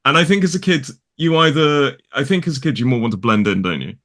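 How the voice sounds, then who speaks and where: A man's voice: mid-range voice, quick pace. A man in his thirties with a mild Derbyshire accent, an English teacher chatting casually and at length on a video call. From Derbyshire, England. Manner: chatty, rambling, animated. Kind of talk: casual conversation.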